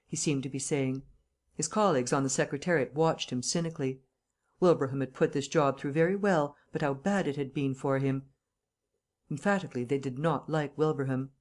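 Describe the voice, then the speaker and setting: A woman narrating an audiobook in a measured, even storytelling manner. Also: low-pitched.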